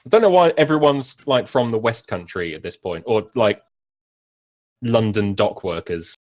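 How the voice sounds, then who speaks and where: A man's voice: lowish voice, lively intonation, a little slow, long pauses. A man narrating as game master of a tabletop game, rambling and self-mocking with many fillers.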